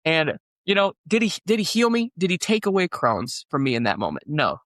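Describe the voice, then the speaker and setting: A man's voice: on the high side, wildly swooping pitch, brisk, fairly bright tone, no echo, studio quality. A man, a pastor, telling a personal story on a podcast in an earnest, rambling way with many fillers. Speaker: pastor and guest.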